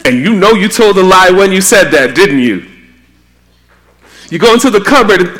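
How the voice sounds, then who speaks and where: A man from Trinidad preaching a sermon, animated and acting out quotes with a raised voice. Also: high voice, normal speed.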